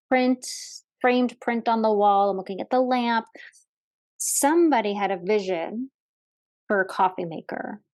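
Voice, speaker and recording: A woman's voice: medium pitch, darkish tone. A woman hosting a casual motivational podcast from a hotel room, talking in a chatty, upbeat way with fillers and light laughs. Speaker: podcast host. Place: hotel room, sitting at a desk.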